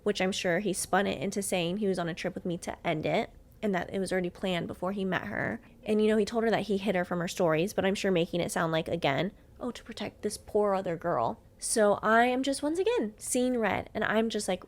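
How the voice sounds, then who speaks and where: A young woman hosting a podcast, telling a story in a lively, animated way, swearing freely and acting out both sides of arguments. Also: medium pitch, a little fast. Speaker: podcast host.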